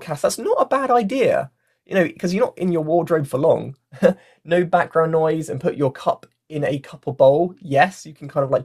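A workshop facilitator giving a casual online lesson, talking into a mic with a fluffy cover and often using fillers like "like" and "you know". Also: mid-range voice. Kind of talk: casual online workshop teaching, reading out chat comments. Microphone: mic with a fluffy foam cover.

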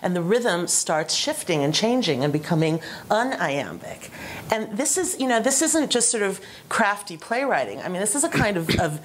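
A woman's voice: medium pitch, very animated, moderate pace, slight background noise. A woman speaking as a panelist at a roundtable discussion, talking animatedly and eager to jump in.

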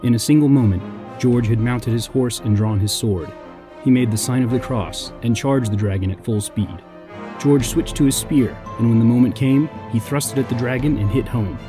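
A man narrating a legend as a podcast storyteller in an even, scripted delivery. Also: medium pitch, normal speed, music in the background.

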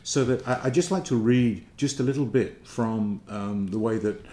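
A man's voice: mid-range voice, normal speed, warm tone, slight background noise. A man giving an informal theology lecture, thoughtful and searching for words. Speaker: speaker giving a talk on theology. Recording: roomy echo.

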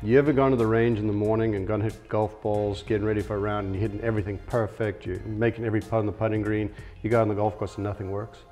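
A man's voice: lowish voice, little pitch movement, fast talker, hardly any pauses, darkish tone, soft background music. A middle-aged man, a golf pro, telling casual self-deprecating anecdotes in an interview.

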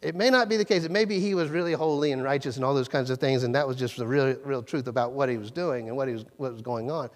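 A man preaching a sermon in a conversational way, acting out quoted lines with sudden jumps in pitch. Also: quick pace, hardly any pauses. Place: church sanctuary. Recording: long church reverb.

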